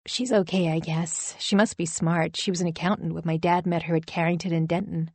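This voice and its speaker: A woman's voice: fairly low pitch, level tone, a little fast, darkish tone, no echo. A woman doing an offhand young daughter. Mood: grudging. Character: offhand 21-year-old daughter, grudging and quiet.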